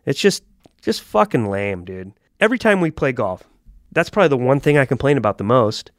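A man's voice: medium pitch, big pitch swings, a little fast, no echo, clean studio sound. A man co-hosting a podcast, giving blunt opinions in casual chat and swearing freely. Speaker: podcast co-host.

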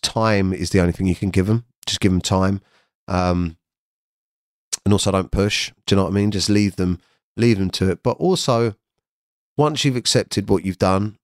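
A man's voice: low voice, no room sound, studio quality. A man hosting an unscripted solo podcast from home, talking frankly and rambling, swearing freely. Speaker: podcast host.

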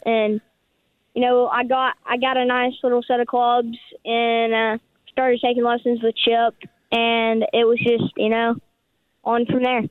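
A nine-year-old boy golfer with a South Carolina accent calls in to a radio show, answering the host's questions politely but a bit hesitantly, with lots of fillers. His very high voice is monotone and clean, at a measured pace. The dry recording comes over a tinny phone line.

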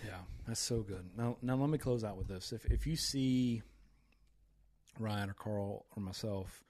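A man's voice: fairly low pitch, measured pace, darkish tone. Fired-up man hosting a faith podcast. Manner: fired-up, preachy, quotes scripture with emphasis. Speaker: podcast host.

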